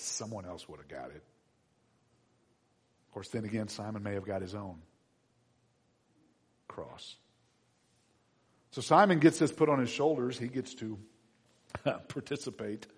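A man preaching a sermon as a pastor, dramatic, dropping to a hush and then rising high and loud. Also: breathy edge. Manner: dramatic, swings from hushed to shouting. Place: church. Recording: long reverb of a large hall.

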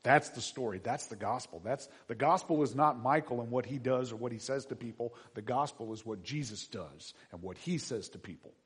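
A man preaching a sermon as pastor, animated and conversational, acting out voices of people in the story. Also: mid-range voice, a little fast, few pauses, husky.

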